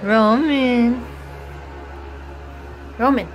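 A woman filming her babies at home on a handheld phone, talking in a gentle, coaxing, sing-song baby voice. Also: fairly high pitch, drawn-out words, highs cut off, faint music behind. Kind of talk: home video baby talk. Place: family home.

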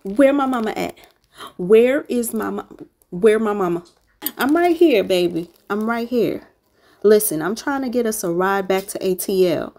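A woman's voice: mid-range voice, animated, measured pace, a little mellow, voice pushed up. A woman voicing sassy female wine glasses who banter in slang as they get ready to travel. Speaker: glass artist.

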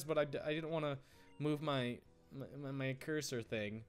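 A man's voice: mid-range voice, animated, fairly quick, a bit bright, smooth, soft background music. A man hosting a let's play, giggly and rambling, easily sidetracked while chatting through the game. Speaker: gaming channel host.

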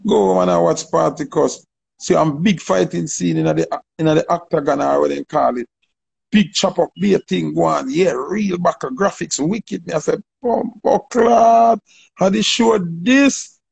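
A Jamaican man tells a story in casual patois and acts out the voices of the people in it. His voice sits a little high for a man and is gravelly and husky. His delivery is lively and full of quoted back-and-forth. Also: moderate pace, poor audio.

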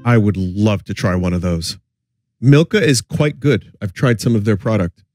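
A man's voice: fairly low pitch, animated, moderate pace, a little mellow, no echo, studio quality, faint music behind. Wry man mocking old commercials. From New York area. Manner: wry, mocking, laughs often. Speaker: streamer reacting to commercials. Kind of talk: casual chat with jokes.

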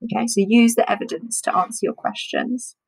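A woman's voice: fairly high pitch, vocal fry, a little mellow, slightly rough, low-quality recording. Teacher woman explaining a reading task. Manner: explains in a chatty way with pauses and fillers. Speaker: primary school teacher. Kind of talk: home learning reading lesson.

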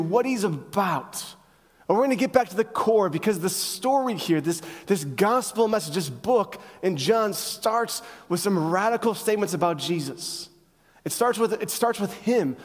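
A man with a high-pitched voice preaching in a church sanctuary. He leans on rhetorical questions and emphatic pauses, and his voice rings out with a long hall echo. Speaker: pastor. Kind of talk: sermon.

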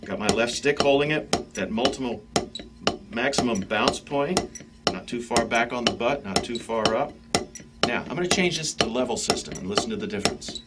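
A man teaching drum stick technique, talking in an easy, conversational way straight to his students. His voice sits at an ordinary pitch for a man. Clear noise and the clicking of sticks on a practice pad run behind him. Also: moderate pace. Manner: relaxed, conversational, addresses students directly. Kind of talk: instructional demonstration.

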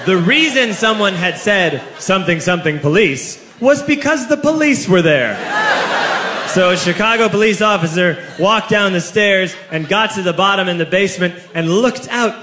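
Male stand-up comedian, slightly raised voice, animated storyteller who bursts into shouts, recorded live in an echoey club with loud crowd noise. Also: high-pitched. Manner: animated, speeds up and shouts at punchlines. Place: comedy club stage before a live audience.

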